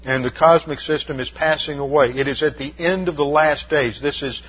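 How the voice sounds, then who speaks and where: A man's voice: on the high side, moderate pace, slightly rough, highs cut off. A man giving a methodical verse-by-verse Bible lesson, stopping often to explain Greek terms, with frequent "uh" fillers. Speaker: Bible teacher.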